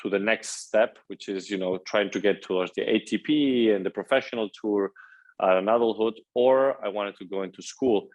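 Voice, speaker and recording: A man's voice: fairly low pitch, normal speed, a little mellow, rough recording. A man in his twenties from Spain with a Spanish accent, speaking as a guest in a casual interview, upbeat and eager, often saying "you know". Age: 20s.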